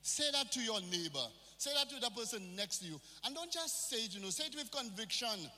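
A man's voice: high-pitched, very animated, a little fast, few pauses, bright, forceful tone. A male pastor preaching a sermon in a church, with call-and-response and phrases mixed in. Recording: reverberant church hall.

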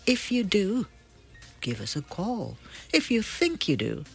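A woman hosting a morning call-in quiz, brisk and teasing, repeating the phone number. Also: mid-range voice, wildly swooping pitch, creaky. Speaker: radio host. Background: music.

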